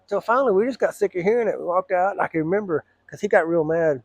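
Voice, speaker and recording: A middle-aged man telling a personal story, blunt and profane, rambling with frequent throat clearing. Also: sits high, fast, few pauses, dry recording, dull audio.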